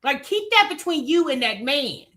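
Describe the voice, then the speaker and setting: A woman's voice: high-pitched, very animated, normal speed, fairly bright tone. A woman hosting reaction commentary, blunt, incredulous and scolding. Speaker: commentary host.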